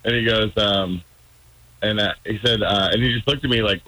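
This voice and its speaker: A man's voice: fairly low pitch, fairly even intonation, moderate pace, bright, forceful tone, no room sound, rough recording. A man calling into a radio show, telling a story in a rambling, hesitant way with many ums. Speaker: caller guest on a radio show. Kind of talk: casual storytelling on a phone-in.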